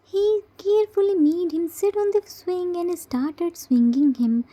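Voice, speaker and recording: A woman reads a fan-fiction story aloud in plain storybook style. Her voice is very high yet mellow, and she takes her time. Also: unhurried, hardly any pauses. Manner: simple storybook narration.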